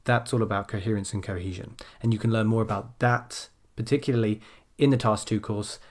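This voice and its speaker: A man teaching an essay-writing lesson, calmly explaining and stressing key phrases as he types. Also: fairly low pitch. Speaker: language teacher.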